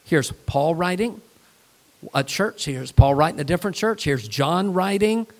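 Male pastor, sermon, animated preaching, jokes and acted voices, somewhat high voice. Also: unhurried.

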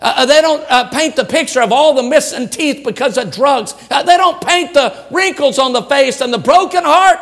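A man preaching a sermon, moving from shouted appeals to quiet, hushed asides. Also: very high-pitched, normal speed, hardly any pauses. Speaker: pastor.

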